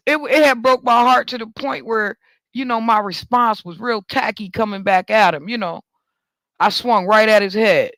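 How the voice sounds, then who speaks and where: High-voiced man telling stories animatedly. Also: normal speed, dry recording. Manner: animated, swings up high when joking about himself. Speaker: talk show host. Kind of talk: casual storytelling monologue.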